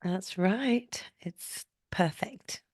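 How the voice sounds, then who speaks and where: A British woman singer and voice coach being interviewed, gentle, unhurried and quick to laugh. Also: mid-range voice, dry recording, studio quality. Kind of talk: casual interview chat.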